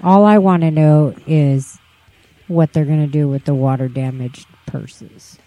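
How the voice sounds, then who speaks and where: A man's voice: on the high side, fairly even intonation, measured pace, narrow, tinny audio. A man co-hosting a casual podcast, teasing his partner and reacting dryly. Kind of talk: casual chat.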